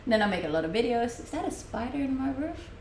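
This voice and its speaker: Laughing often, a young Danish-accented woman from Denmark answers questions from viewers during a casual live stream in a room at home. She speaks fast in a fairly high, slightly mellow voice with big pitch swings. The roomy home-mic sound has slight background noise.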